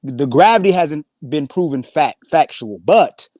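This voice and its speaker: A man's voice: a little high, lively intonation, unhurried, darkish tone, no echo. A man speaking as a guest in a casual panel debate, slangy and argumentative, building his point step by step.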